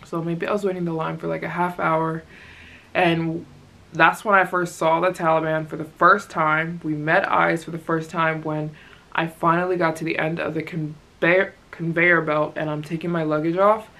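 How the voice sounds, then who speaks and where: A woman's voice: deep voice, level tone, normal speed, creaky, a bit bright. A young woman, a travel vlogger, telling a story in a chatty, casual way and acting out the people she quotes. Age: young adult.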